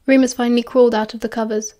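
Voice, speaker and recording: British woman narrating an audiobook, slightly high voice, mellow tone, hushed dialogue voices. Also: little pitch movement, racing. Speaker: fan audiobook reader.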